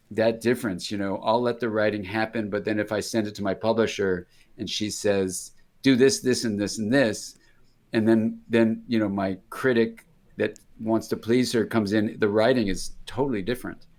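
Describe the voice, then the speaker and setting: Older American man, lowish voice, rambling storyteller who breaks off mid-sentence and acts out quoted voices in a casual interview. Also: fairly even intonation, moderate pace, a little mellow. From United States. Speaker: interview guest, psychiatrist.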